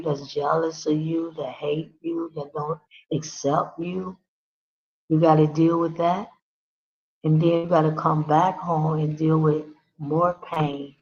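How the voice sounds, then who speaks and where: A woman talks directly to her listener in a slow, heartfelt monologue, pressing her point by saying the same phrase again and again. Her pitch hardly moves. The recording is dull and lo-fi, with the top end muffled. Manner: repetitive, emphatic, speaks straight to the listener. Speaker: channel host.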